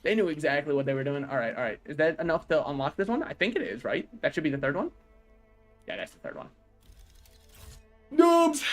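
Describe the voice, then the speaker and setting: Loud, joking male game streamer. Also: on the high side, big pitch swings, brisk, long pauses, faint music behind. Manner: projects his voice loudly, joking and self-mocking. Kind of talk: casual gameplay livestream commentary.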